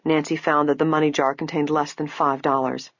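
A woman narrating an audiobook in a measured, even reading. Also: low voice, no room sound. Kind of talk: scripted narration. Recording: dull, lo-fi, dry.

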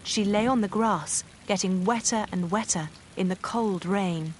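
A woman narrating a storybook with clear, even storytelling. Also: medium pitch, measured pace, slight background noise. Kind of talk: storybook reading.

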